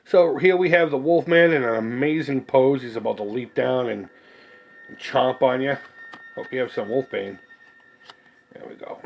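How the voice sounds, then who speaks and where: A man's voice: medium pitch, moderate pace, vocal fry, pauses often, muffled recording. A man in his forties hosting a casual unboxing video, rambling and swearing freely with a joking, laughing manner. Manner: rambling, profane and jokey, with laughs. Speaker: collectibles video host.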